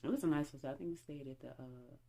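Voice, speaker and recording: A young woman vlogger telling a casual, animated story and acting out bits of dialogue. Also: very deep voice, quick pace, gravelly. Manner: animated, chatty, acts out dialogue.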